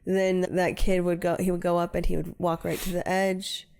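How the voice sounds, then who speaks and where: A woman's voice: fairly low pitch, flat delivery, moderate pace, gravelly, clean tone. A woman co-hosting a casual spiritual podcast, telling stories and acting out the people in them. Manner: warm storyteller, acts out quoted people. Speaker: podcast co-host.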